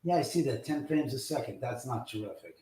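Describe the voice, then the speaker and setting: A man hosting a live stream, swearing in frustration at technical glitches, swinging from muttering to shouting. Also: mid-range voice, animated, fairly quick. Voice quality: loud profane outbursts, swinging from mutters to shouts. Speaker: livestream host. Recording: roomy echo, mic at a distance.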